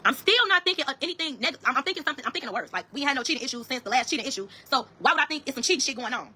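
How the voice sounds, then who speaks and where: A woman telling her own story to viewers in a rapid, heated, profane way. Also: high voice, animated, sharp tone, slightly rough. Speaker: storyteller in a social media clip.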